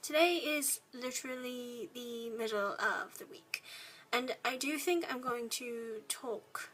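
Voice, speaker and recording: A woman's voice: a little high, slow pace, fairly bright tone, poor audio. A young woman from the United States, a college student chatting casually to camera in a put-on British accent, rambling with lots of ums. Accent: put-on British English. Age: young adult.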